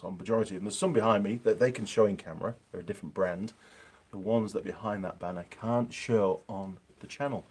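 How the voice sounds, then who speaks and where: A man's voice: lowish voice, a little mellow. A man with a Yorkshire accent chatting casually on a live stream from his home workshop, reading out viewer comments with plenty of ums.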